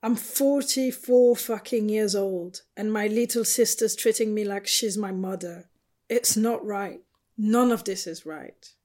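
Jan is a tired, blunt butch woman in her forties, bitter about being pushed around by family. A woman reading the novel gives her voice slightly louder and brighter than the narration, in a steady mid-range pitch. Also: unhurried, close to an everyday voice. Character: Jan, a weary 44-year-old butch woman.

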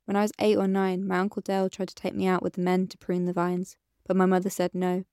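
A woman voicing a tender woman who pleads softly and shares old memories in an audiobook. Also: on the low side, completely flat delivery, fast talker, clean tone, no room sound, studio quality, close to an everyday voice. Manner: soft and pleading. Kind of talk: audiobook character reading.

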